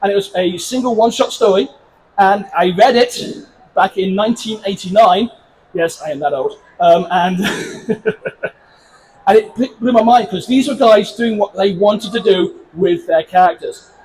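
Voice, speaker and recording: A man's voice: high-pitched, a little slow, a little mellow, a little hiss or hum, rough recording. An English man in his fifties, a comic book creator giving a chatty, self-deprecating convention panel talk to a small audience. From England.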